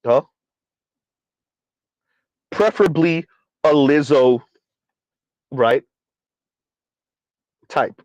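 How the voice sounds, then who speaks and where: A man holds forth on a live stream in a slightly raised voice, preaching his points and repeating key lines slowly for emphasis. He stops now and then to read viewer comments aloud. The audio is dull and lo-fi, with a dry, close sound and no room around it. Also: on the high side, a little mellow, no echo. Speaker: livestream commentary host.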